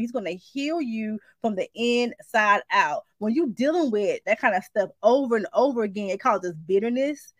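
An adult woman, sharing a dream in a casual spoken message, animated and informal, acting out the voices as she tells it. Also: on the high side, no echo. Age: adult, married mother. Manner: animated storytelling, shifts into acted quotes, informal speech. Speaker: Christian speaker sharing a prophetic dream.

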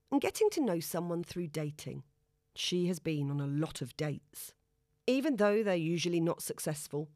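With a lowish voice, a woman narrates a novel for an audiobook, her delivery wry and even. The scripted reading is recorded dry, at studio quality.

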